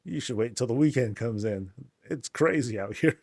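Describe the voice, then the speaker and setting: A man's voice: mid-range voice, animated, unhurried, warm tone, no echo, clean studio sound. Man voicing a gossipy talking greenhouse. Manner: knowing, gossiping.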